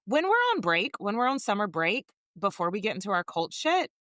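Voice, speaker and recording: A woman co-hosting a casual history podcast, telling the story in a jokey, swearing, animated way. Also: medium pitch, brisk, no echo, studio quality. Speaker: podcast co-host.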